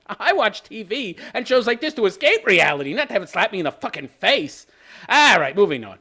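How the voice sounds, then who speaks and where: Ranting male reviewer, gravelly, swooping pitch. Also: very animated, moderate pace, sharp tone. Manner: sarcastic, ranting, laughing. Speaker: show reviewer.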